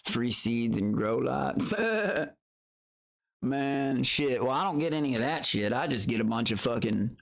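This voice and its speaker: A man livestreaming and talking straight to his chat, swearing freely and rambling from one thought to the next. His voice sits at an average pitch for a man. When he greets viewers he jumps up into a much higher, excited tone. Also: a little slow, vocal fry. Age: adult. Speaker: streamer.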